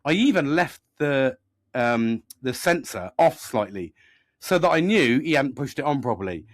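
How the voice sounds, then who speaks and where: A man's voice: medium pitch, normal speed, no room sound, clean studio sound. A man on a casual podcast, telling a story and venting with lots of swearing. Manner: animated, swears a lot, rising to loud exasperated rants. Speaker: podcast host.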